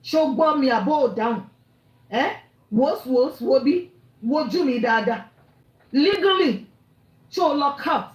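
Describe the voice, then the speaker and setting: A woman's voice: sits high, lively intonation, measured pace, pauses often, reverberant, low-quality recording. A woman with a Nigerian accent ranting angrily and scolding, mixing English, Pidgin and Yoruba. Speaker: online commentator. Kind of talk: angry rant.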